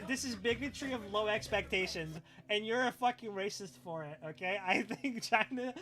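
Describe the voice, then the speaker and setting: Profane young streamer ranting. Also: male voice, high voice, fairly bright tone. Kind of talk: live-stream reaction rant.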